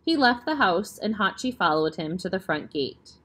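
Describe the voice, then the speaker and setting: A woman reads a children's chapter book aloud in calm storytelling narration. Her voice is lively in pitch, with plenty of rise and fall. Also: normal speed, breathy edge.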